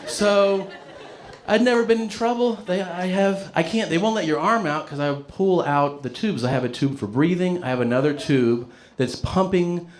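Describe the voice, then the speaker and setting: A middle-aged man telling a stand-up comedy story in a loose, profane way, jumping into quick voices for other people's lines. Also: sits high.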